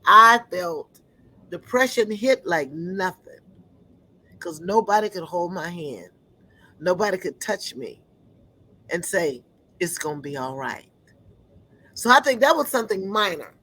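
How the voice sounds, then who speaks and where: A woman giving an earnest personal testimony, often pausing to search for words. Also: lowish voice, animated, sharp tone, breathy edge, low-quality recording.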